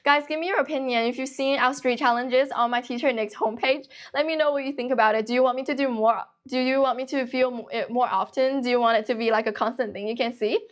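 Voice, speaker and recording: A young woman in her late teens hosting a casual livestream, talking quickly and continuously with few pauses. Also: fairly high pitch, steady tone. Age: young adult. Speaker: livestream host teaching English.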